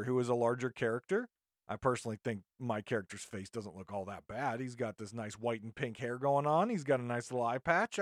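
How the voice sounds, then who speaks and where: Podcast guy venting, fired up and rambly, mid-pitch voice, dry close sound. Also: no echo. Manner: indignant, rambling with frequent restarts. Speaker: podcast host. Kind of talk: podcast monologue rant.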